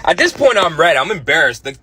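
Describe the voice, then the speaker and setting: A man, a parent, telling a casual story in a lively, self-mocking way. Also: a little high, brisk, slightly rough.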